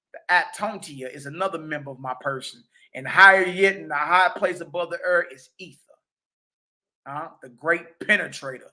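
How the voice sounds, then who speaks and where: A man teaching a religious lesson, reading passages slowly and commenting in a casual, emphatic way with repeated catchphrases. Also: high-pitched, bright, forceful tone.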